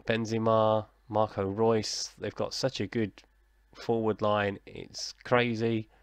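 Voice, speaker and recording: A man's voice: lowish voice, flat delivery, takes it slowly, clean tone, dry recording. A man, casually narrating his football management game like a commentator and chatting with himself in a self-deprecating way. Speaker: gaming YouTuber. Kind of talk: casual let's-play commentary.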